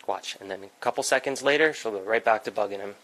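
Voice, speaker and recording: A man's voice: lowish voice, fast, a bit bright, poor audio. A man hosting a casual livestream from a home music setup, chatting and scolding his pets in an exasperated way.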